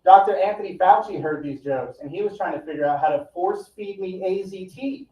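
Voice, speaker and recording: A man doing a stand-up set at a live comedy event, with a deadpan, profane, rambling delivery. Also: high voice, fairly quick. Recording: echoey, distant, dull live recording.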